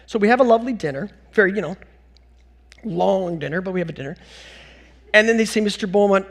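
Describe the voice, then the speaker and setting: A middle-aged man from North America speaking as a conference speaker on stage, telling animated, self-mocking anecdotes with bursts of laughter. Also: sits high, quick pace. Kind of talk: storytelling keynote talk.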